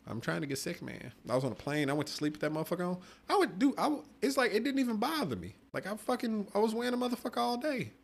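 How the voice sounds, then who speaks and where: A man's voice: sits high, sing-song, very fast, creaky, few pauses. A man co-hosting a podcast, talking bluntly and profanely and pushing back in casual banter. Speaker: podcast co-host. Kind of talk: casual chat.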